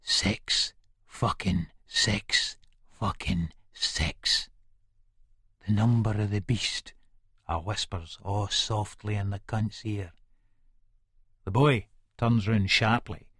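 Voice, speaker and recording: A man's voice: on the low side, slow, a bit bright, no room sound, studio quality. A man with a Scottish accent playing a violent, menacing middle-aged hard man, narrating an audiobook in the first person with coarse, swearing speech. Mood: brooding.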